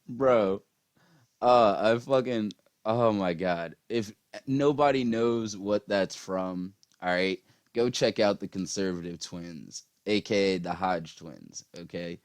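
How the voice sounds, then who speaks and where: A man's voice: on the low side, animated, takes it slowly, dry recording. A man ranting casually about politics, profane and rambling with lots of fillers, tired after a long day. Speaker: political commentary vlogger.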